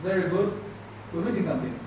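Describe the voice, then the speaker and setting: A man teaching a tajweed class, drilling letters loudly for the students to repeat, then explaining softly. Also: sits high, lively intonation, fast. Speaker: Quran recitation teacher. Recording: echoey room from far off.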